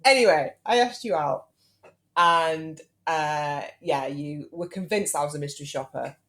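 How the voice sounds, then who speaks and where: British woman, 30s, podcast host, low pitch, teasing, chatty. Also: a little slow, a bit bright. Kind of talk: casual chat.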